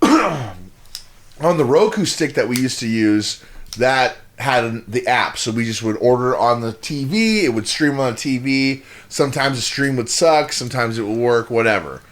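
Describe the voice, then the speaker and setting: A podcast co-host with a mid-range, fairly bright voice and lively intonation talks at a moderate pace. In casual, profane chat he tells a long, exasperated story, rambling and restarting often.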